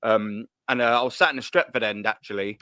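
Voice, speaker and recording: A man's voice: on the low side, a little fast, bright, forceful tone, clear, resonant tone, no room sound, clean studio sound. London man rambling in casual chat. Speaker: guest on a fan show.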